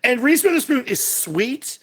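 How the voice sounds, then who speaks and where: A man co-hosting a casual movie podcast, talking in animated bursts that jump from high excited peaks to low asides. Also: unhurried, breathy edge. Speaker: podcast co-host.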